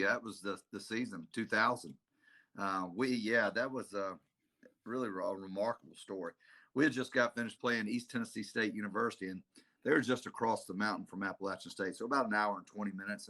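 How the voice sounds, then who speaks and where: A man, a head football coach telling stories as an interview guest. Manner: animated storyteller, acts out quotes with big pitch jumps. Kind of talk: casual storytelling interview.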